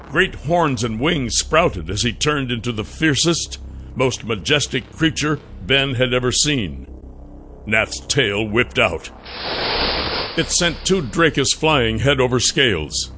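A man narrating a fantasy audiobook in a measured, expressive storytelling manner. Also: medium pitch, slight background noise.

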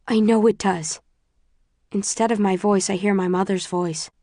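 A woman narrating a first-person audiobook in a measured, subdued way. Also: fairly low pitch, fairly even intonation, creaky, warm tone, dry recording, studio quality.

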